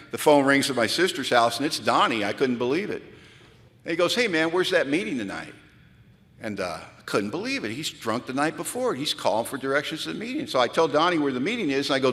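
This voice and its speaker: A man in his fifties telling a story to a live audience, animated and acting out the dialogue. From Pacific Northwest of the US. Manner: animated, acts out dialogue, drops low for his own past self. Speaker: recovery retreat speaker. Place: large hall. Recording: reverberant hall.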